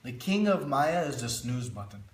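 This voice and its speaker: A man's voice: medium pitch, very animated, moderate pace, slight background noise. A man teaching a devotional scripture class, telling stories to illustrate his points. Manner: storytelling, illustrative. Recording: roomy echo.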